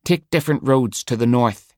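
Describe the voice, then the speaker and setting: A man voices a cold, mocking medieval knight for an audiobook, drawling and sneering as he issues orders. The voice is mid-range at a normal speed, pitched above his own and lightly acted, recorded in a clean studio with no echo.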